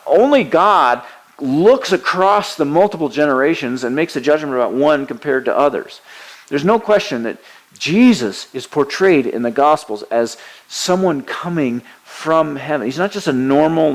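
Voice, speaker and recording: Gravelly-voiced man preaching a sermon. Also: mid-range voice, low-quality recording. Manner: earnest teaching tone, quoting scripture with emphatic voices; frequent hesitations and restarts.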